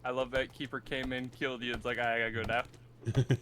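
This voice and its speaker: A man's voice: medium pitch, flat delivery, fairly quick, a bit bright. Swearing man co-player, noisy mic. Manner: blunt, swears at the game. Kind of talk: casual game-stream banter.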